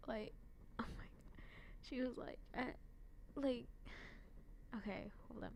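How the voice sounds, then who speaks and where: A woman's voice: fairly high pitch, slow, creaky, pauses often, slight background noise. A young woman chatting casually about an anime she loves, rambling with many fillers and frequent self-deprecating giggles. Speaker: anime fan vlogger.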